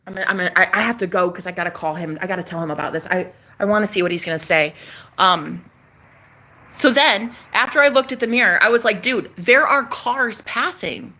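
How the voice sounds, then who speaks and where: Bright-voiced, excitable woman vlogger. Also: on the low side, fast. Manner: excitable, profane, chatty storytelling. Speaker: spiritual vlogger. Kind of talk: casual storytelling vlog. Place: outdoors on a porch.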